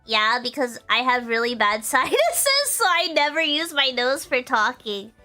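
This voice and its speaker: A woman's voice: high voice, a little slow, soft background music. A young adult woman streaming a casual chat, reading viewer comments and often breaking into giggles. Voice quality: giggly, bubbly. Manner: animated, playful, often breaking into laughter.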